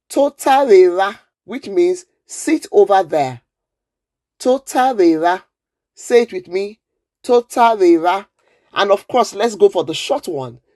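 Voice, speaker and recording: A woman teaching simple words in a clear lesson, patient and encouraging as she has learners repeat after her. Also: lowish voice, a little mellow, no echo, studio quality. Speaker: language teacher.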